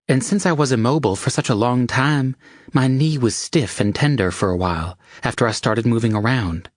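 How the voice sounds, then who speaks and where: A man's voice: mid-range voice, normal speed, no echo, clean studio sound, pitched above the performer's own voice, natural voice. A man voicing an eager young woman in love in an audiobook, with an earnest, breathless delivery.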